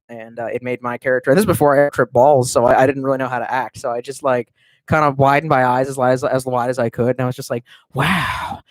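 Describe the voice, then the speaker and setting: A man's voice: medium pitch, no room sound. Streamer, adult man, loose and profane, talks from home with a dry, close sound. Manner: rambling and profane, with many restarts. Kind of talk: casual livestream chat.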